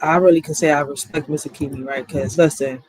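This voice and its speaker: A woman's voice: deep voice, steady tone, a little fast, darkish tone, dry recording, poor audio. A woman in her thirties chatting casually on a live stream, candid and rambling, often swearing and asking "right?". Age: 30s.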